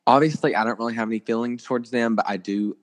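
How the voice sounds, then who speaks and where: A man's voice: mid-range voice, fast talker. A young man co-hosting a podcast, chatting casually about celebrity gossip with lots of filler words. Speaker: podcast co-host.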